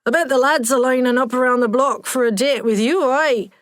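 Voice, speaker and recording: A woman's voice: high voice, fairly quick, dry recording, studio quality, voice pushed up, close to an everyday voice. A woman voicing a leering old Scottish man. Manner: flirtatious, leering. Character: lecherous old Scottish man in a retirement village.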